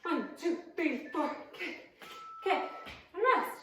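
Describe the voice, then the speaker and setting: A woman's voice: high voice, expressive, takes it slowly, bright, forceful tone, heavy reverb, far from the mic, slight background noise, rough recording. A woman instructing a cardio workout, counting reps and cueing moves, out of breath, with upbeat coaching and self-deprecating asides. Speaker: fitness instructor.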